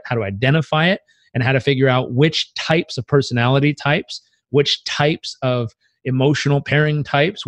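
Earnest man telling stories on a podcast. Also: no echo. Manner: earnest, acts out inner voices with pitch jumps. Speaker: podcast guest. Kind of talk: reflective conversational storytelling.

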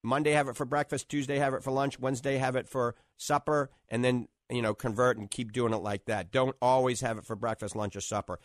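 A man with a New Orleans accent hosting a call-in radio advice show as a doctor, giving brisk, salesy instructions to callers. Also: mid-range voice, fairly even intonation, no echo, clean studio sound.

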